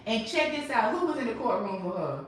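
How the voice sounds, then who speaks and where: A woman hosting a casual recap chat, telling the story with emphatic, animated delivery. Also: on the high side, fairly quick, slight background noise. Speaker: host. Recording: echoey room, mic at a distance.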